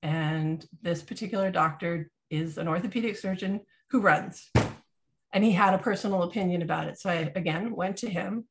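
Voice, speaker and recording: Woman, thirties, casual health chat, animated, acts out quotes. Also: lowish voice. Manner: animated storyteller acting out quotes. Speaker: podcast co-host.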